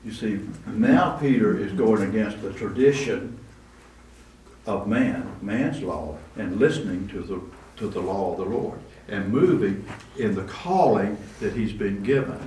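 This church sermon comes from a man whose fairly low voice is a little slow and a little mellow; he speaks conversationally, with asides and restarts. A distant microphone captures roomy echo and faint background noise from the room.

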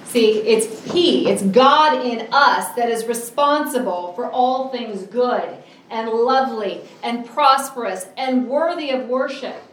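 Preaching with earnest emphasis, a middle-aged woman lingers on key words in a voice pitched a bit high. The sound is distant and echoey, carrying a faint hiss or hum.

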